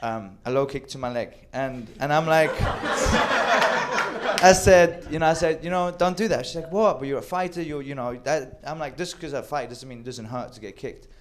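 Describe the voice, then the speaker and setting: A man telling a wild personal story with animated delivery, acting out quoted lines and swearing freely. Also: mid-range voice, moderate pace, heavy background noise. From Sweden. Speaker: storyteller on a comedy show. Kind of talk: live comedic storytelling.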